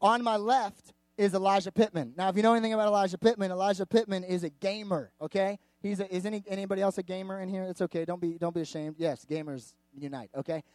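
A pastor with a high-sitting voice talks fast with hardly any pauses while giving a sermon at a church service before a live audience. His storytelling is animated, candid, and chatty, full of asides and frequent "like." There is no echo.

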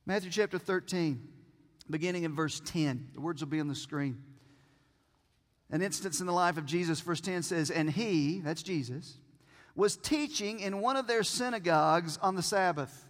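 A man preaching a sermon from a church stage, who asks the congregation questions and pauses for effect. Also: high voice. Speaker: pastor. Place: church sanctuary with a screen. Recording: long reverb of a large hall.

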